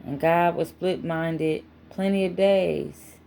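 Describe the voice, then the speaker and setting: Low gravelly-voiced chatty woman. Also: steady tone, slow, mellow, slight background noise. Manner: chatty, emphatic, talks in repeated asides. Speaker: tarot reader. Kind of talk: casual spiritual reading monologue.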